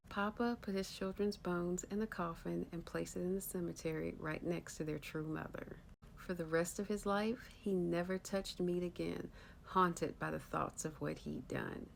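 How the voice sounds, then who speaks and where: A woman telling a spooky folktale in a hushed voice that drops low and soft at the dark moments. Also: vocal fry, slight background noise, rough recording. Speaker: storyteller.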